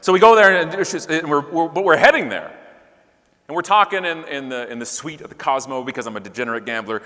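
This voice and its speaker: A man's voice: a little high, brisk. A man giving a comedic keynote speech to a live audience, joking and talking straight to the crowd. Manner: animated, joking, talks to the crowd. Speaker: keynote speaker. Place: large conference hall with live audience. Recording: long hall reverb.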